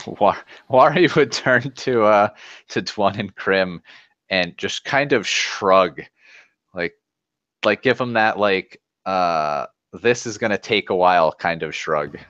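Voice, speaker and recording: A man playing at the table who rambles through his character's actions with plenty of fillers. His voice sits low, and the recording is dry and a bit muffled. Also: slow, a bit bright, no room sound. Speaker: player. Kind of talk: casual tabletop play.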